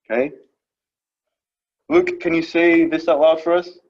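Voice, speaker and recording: A man's voice: on the high side, fairly even intonation, unhurried, darkish tone, lo-fi sound. A man teaching French vocabulary to a class, explaining each phrase patiently and checking in after each one. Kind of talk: classroom lesson.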